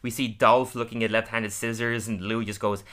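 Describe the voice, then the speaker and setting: Podcast co-host, male, bright tone, animated recap with frequent laughs. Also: on the low side. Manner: animated, laughs often, acts out lines in quick voices. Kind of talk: casual episode recap.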